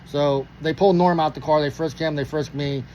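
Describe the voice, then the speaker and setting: A man from Pittsburgh telling a story casually, animated and profane, acting out the dialogue. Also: fairly high pitch, moderate pace, a little hiss or hum, poor audio.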